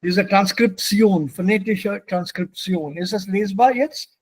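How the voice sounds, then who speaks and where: A male teacher explains pronunciation to his class with patience, moving between German and English as he goes. His voice sits high for a man and has a husky edge. He speaks slowly, and the sound is dry and close. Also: dry recording. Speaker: language teacher. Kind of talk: classroom instruction.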